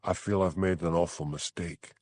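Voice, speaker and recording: A man's voice: deep voice, steady tone, moderate pace, no room sound, pitched below the performer's own voice. A man voicing an elderly woman who is shrewd and wary. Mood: rueful. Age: older.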